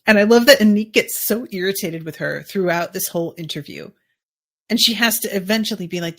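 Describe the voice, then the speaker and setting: A woman's voice: medium pitch, a little fast, fairly bright tone. A woman hosting a podcast, casually recapping a TV episode in a chatty, musing way with plenty of "like" asides. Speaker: podcast host.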